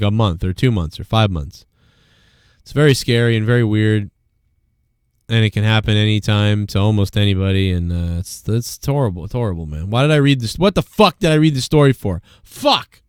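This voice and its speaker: A man hosting a live stream, ranting and swearing his way through one topic after another. His voice is smooth and clear, sitting at a middle pitch. The sound is dry and close, with no room around it. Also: darkish tone, no echo. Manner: profane, ranting, rambling. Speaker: live show host. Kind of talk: casual live-stream rant.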